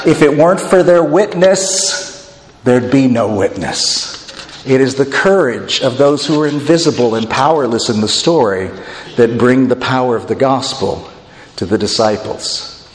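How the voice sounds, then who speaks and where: A male pastor preaching an expressive sermon, swinging his voice up and down as he acts out the people in the story. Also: on the high side. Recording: long reverb of a hall.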